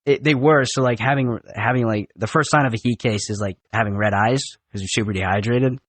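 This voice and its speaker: A young man talks casually in a podcast studio, telling stories in an animated, profane and rambling way. His voice is middle-pitched, and the room sound is dry and close. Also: brisk, dry recording. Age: young adult. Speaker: podcast guest. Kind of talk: casual storytelling.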